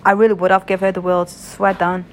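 A woman's voice: lowish voice, little pitch movement, fairly quick, slight background noise. A young British woman telling a story in a casual vlog, frank and chatty, swearing freely. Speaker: vlogger.

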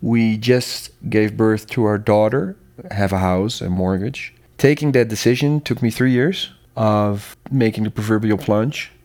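Calm man with a low voice. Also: a little slow. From Netherlands. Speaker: sound consultant and educator. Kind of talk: casual interview.

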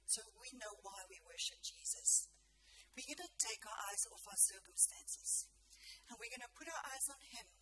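A woman's voice: a little high, slight background noise, low-quality recording. A woman preacher, sharing a testimony in an earnest, emotional sermon. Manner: earnest and emotional, often dropping to a hush.

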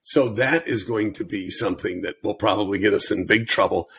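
A playful man with a husky, lowish voice jokes and laughs through casual podcast chat. He is on a studio mic. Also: a little fast, fairly bright tone. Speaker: podcast co-host. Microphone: studio microphone.

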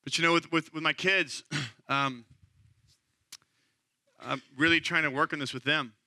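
A man's voice: fairly high pitch, steady tone, unhurried, sharp tone, no echo, studio quality. A man in his thirties, a pastor giving an earnest, conversational sermon. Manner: earnest, conversational preaching that rises to impassioned.

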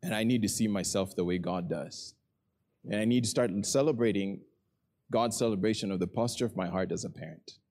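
A middle-aged man preaching a sermon in a church, telling a story with earnest energy that settles into quiet, prayerful tones. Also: fairly low pitch, a little fast. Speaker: pastor. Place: church hall with a congregation.

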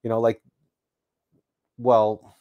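Casting note: man, Canadian-born host, reflective storytelling, halting delivery full of restarts and fillers. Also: mid-range voice, monotone, highs cut off. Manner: halting, repeats words, many fillers.

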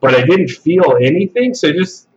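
A man's voice: a little high, moderate pace, slightly rough. Man, podcast guest, casual storyteller, swears, slightly dull audio. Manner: relaxed, swears freely, laughs while telling.

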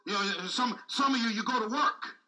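A man's voice: very high voice, normal speed, bright, forceful tone, far from the mic, rough recording. A man preaching a sermon with speech, repeating phrases and calling out to the congregation. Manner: call-and-response preaching, repetitive, emphatic.

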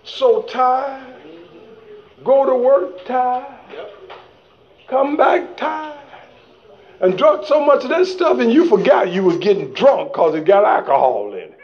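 A preacher delivers a shouted, call-and-response sermon in a very high, gravelly voice. He lingers over his words at an unhurried pace. The recording sounds dull and lo-fi. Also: sing-song.

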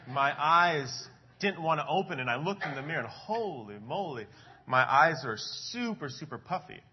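A man in his thirties pastors a congregation with a somewhat raised, breathy voice. He talks casually, telling stories with plenty of uhs and ums. The church recording sounds dull and lo-fi. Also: fairly high pitch. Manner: chatty storytelling, frequent um and uh. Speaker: adult ministries pastor. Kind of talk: casual sermon talk to a congregation.

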